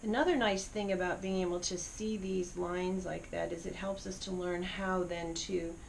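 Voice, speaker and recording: A woman's voice: on the low side, steady tone, normal speed, gravelly, a little hiss or hum, poor audio. A middle-aged woman teaching a singing lesson, encouraging students as she explains vocal exercises. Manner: encouraging, demonstrating vocal slides. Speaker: music teacher.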